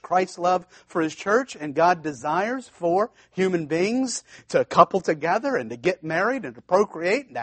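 A man delivers a sermon as pastor with a notably high voice, recorded dry with no room around it. He talks emphatically, repeating key phrases for weight and often restarting his sentences. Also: no echo.

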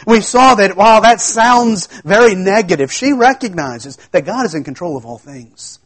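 A man's voice: sits high, expressive, moderate pace. A man preaching an expository sermon in a conversational way, acting out the quoted lines of the story. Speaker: pastor.

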